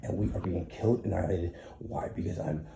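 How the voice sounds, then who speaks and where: A man's voice: low-pitched, a little fast, vocal fry, background noise. An American man in his small bedroom, filming an angry vlog rant on his phone, agitated and profane, with stammering restarts. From United States. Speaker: tenant filming a complaint video. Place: small apartment bedroom, indoors.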